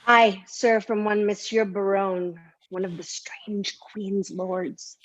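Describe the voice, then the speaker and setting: A woman's voice: medium pitch, level tone, takes it slowly, natural voice. An actress playing a deferential, polite country girl in a live-streamed Shakespeare reading. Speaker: actor. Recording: dull, lo-fi audio.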